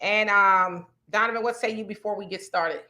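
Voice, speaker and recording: A woman's voice: medium pitch, fairly even intonation, moderate pace, bright, forceful tone. A middle-aged woman hosting a casual live-streamed talk show, chatting conversationally and reading viewer comments aloud. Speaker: host.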